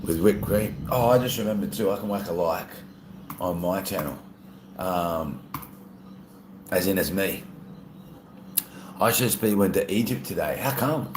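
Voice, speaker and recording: A man's voice: low voice, unhurried, long pauses, roomy sound, noisy background. A man with an Australian accent, chatting casually on a live stream and reading out viewer comments. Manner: relaxed, chatty, laughs often.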